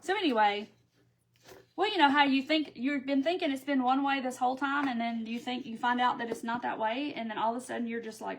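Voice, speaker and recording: A chatty middle-aged woman with a drawl hosts a live craft stream. She rambles from one aside to the next and reads out viewer comments. Her voice sits a little high. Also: a little fast, noisy background. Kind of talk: casual live-stream chat while crafting.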